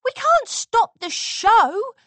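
High, loud, panicky young filly as read by a woman. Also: big pitch swings, slow, dry recording, full character voice. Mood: panicked. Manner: yelping, panicky. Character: frightened young filly pony, spirited. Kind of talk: storybook reading.

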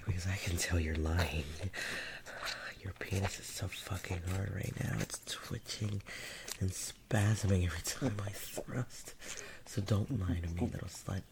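A man voicing a dominant, mocking non-human male creature in a whispered role-play, talking in a breathy, taunting manner with frequent chuckles. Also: low-pitched, measured pace, very noisy.

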